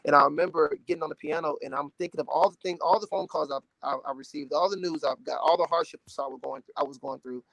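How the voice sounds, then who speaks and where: Earnest, animated young man, slightly high. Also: quick pace, creaky, few pauses, dry recording. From Dallas, Texas. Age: 20s. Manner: earnest and emotional, animated, many "you know"s. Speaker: gospel recording artist, interview guest. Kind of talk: casual interview talk.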